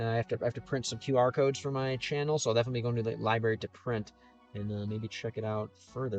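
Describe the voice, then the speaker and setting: A male streamer talks loosely through viewer comments in a casual live chat. He rambles and stops to restart his sentences, with an easygoing manner. His voice sits in an ordinary middle register, and faint game music plays behind him. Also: medium pitch. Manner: rambling, self-interrupting, easygoing. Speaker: YouTuber streamer. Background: faint game soundtrack music.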